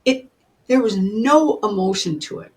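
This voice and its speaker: Animated woman in her seventies. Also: medium pitch, unhurried. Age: 70s. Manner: warm, animated, calls the listener honey. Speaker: guest, psychic and spiritual teacher. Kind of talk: storytelling in a podcast interview.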